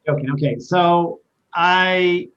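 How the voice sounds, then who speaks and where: A man's voice: high voice, slow pace, noisy background. Joking male player, muffled sound. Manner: joking, relaxed. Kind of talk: casual tabletop chat.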